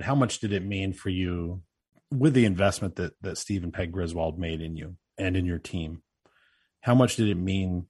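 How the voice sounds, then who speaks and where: Deep-voiced male interviewer, dry sound. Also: dry recording. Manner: long, wordy questions. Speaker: interviewer, host. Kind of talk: interview questions.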